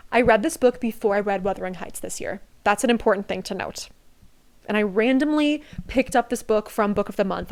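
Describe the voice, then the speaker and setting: A young woman talks about books she loves in a relaxed home vlog. She is chatty, gushing and giggly, with a voice of ordinary pitch. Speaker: book vlogger. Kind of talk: casual book review.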